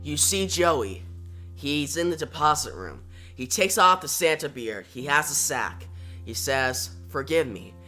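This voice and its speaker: A man's voice: a little high, expressive, unhurried, sharp tone, faint music behind. A man casually retelling a comic book story in the present tense and reading every line of dialogue himself. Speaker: comic book recap narrator.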